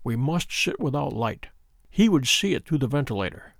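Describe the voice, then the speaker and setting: A man voicing a shrewd, calm middle-aged male detective in a storybook reading, speaking in measured, probing questions. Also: a little high, no echo, studio quality. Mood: hushed urgent.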